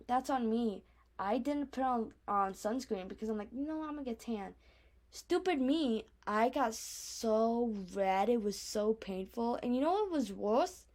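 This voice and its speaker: A young woman from Arizona with a speech impediment, telling personal stories in a casual, rambling vlog. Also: mid-range voice. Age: young adult. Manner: chatty, lots of "like" and restarts, acts out her own reactions. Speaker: vlogger.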